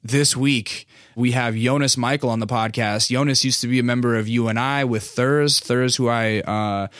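A man in his thirties tells a story on his podcast in a loose, rambling way, swearing freely and packing in fillers. His voice sits at an ordinary middle pitch. The recording is dry and close, with no room sound. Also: steady tone, normal speed, a bit bright, no room sound. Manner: loose, profane, chatty with many fillers. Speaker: podcast host. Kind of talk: casual storytelling monologue.

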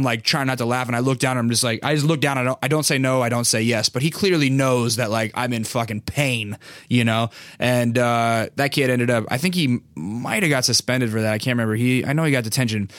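A man in his thirties tells a story on his podcast in a loose, rambling way, swearing freely and packing in fillers. His voice sits at an ordinary middle pitch. The recording is dry and close, with no room sound. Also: a bit bright, dry recording. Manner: loose, profane, chatty with many fillers. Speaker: podcast host. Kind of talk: casual storytelling monologue.

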